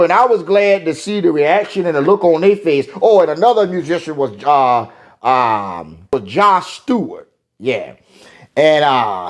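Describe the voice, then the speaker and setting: An older man, a singer talking in an interview in a rambling, folksy way with many fillers and restarts. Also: on the high side.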